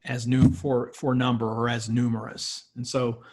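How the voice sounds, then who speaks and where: A man lecturing as a biblical studies professor, slowly reading and explaining a Hebrew text word by word. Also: mid-range voice, little pitch movement, a little mellow. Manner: slow, thoughtful, pauses on words.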